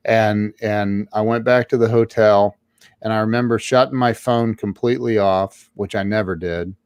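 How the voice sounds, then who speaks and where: A man's voice: lowish voice, fairly even intonation, normal speed, darkish tone, smooth, no echo. A man as an interview guest, telling his own story casually and emphatically, often stumbling and restarting his words.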